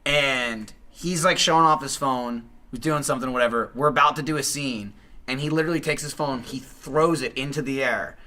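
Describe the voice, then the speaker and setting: A man on a podcast, telling a story in casual chat with animated delivery. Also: mid-range voice, normal speed. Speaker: podcast host.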